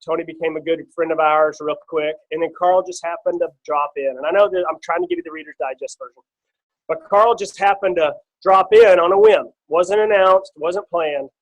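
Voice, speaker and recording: Brief: middle-aged man, slightly high voice, casual rambling testimony on a team call. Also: normal speed, rough recording. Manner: casual and storytelling, with many fillers and restarts. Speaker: guest speaker on a team call. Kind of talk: personal testimony on a conference call.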